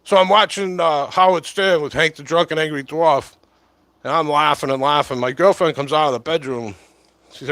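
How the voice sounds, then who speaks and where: A man's voice: fairly high pitch, normal speed, fairly bright tone, no room sound. A middle-aged man chatting casually and meandering on a livestream, talking close to a short-corded mic at his camera at home. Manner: chatty, meandering, lots of fillers. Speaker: livestream host. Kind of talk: casual rambling livestream chat. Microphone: short-corded mic right at the camera.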